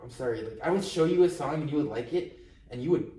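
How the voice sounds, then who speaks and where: A man's voice: mid-range voice, lively intonation, fast, dark tone. A young man co-hosting a podcast in casual chat, teasing and blunt with plenty of slang. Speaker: podcast co-host. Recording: roomy echo, far from mic, faint noise.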